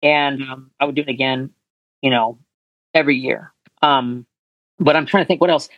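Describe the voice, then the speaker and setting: A man's voice: medium pitch, steady tone, normal speed, no echo, lo-fi sound. A man, a voice actor, chatting in an interview, rambling and earnest with many restarts. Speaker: voice actor guest. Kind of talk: casual interview chat.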